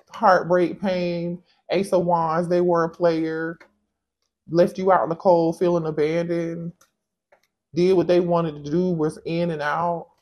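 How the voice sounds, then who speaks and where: A man doing a casual tarot reading for his viewers, animated and exclaiming, talking straight to them. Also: a little high. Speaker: tarot reader.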